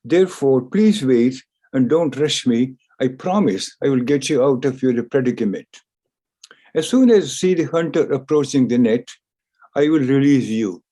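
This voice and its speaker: A man voicing a cautious, clever male mouse who answers calmly and deliberately in a spoken story. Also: mid-range voice, lightly acted. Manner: calm, measured, reasoning.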